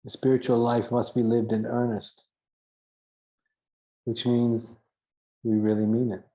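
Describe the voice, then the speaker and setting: Man, spiritual teacher, earnest, emphatic, mellow dark tone, monotone delivery. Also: medium pitch, unhurried, poor audio. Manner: earnest, emphatic, repeats phrases for stress; self-mocking chuckles now and then.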